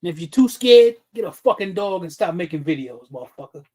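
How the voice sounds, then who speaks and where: Man, high-pitched for his sex, blunt, profane, heated livestream commentary, stumbling restarts. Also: lively intonation, fairly quick, mellow. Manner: speaks with many restarts and repeated words. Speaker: streaming talk show host.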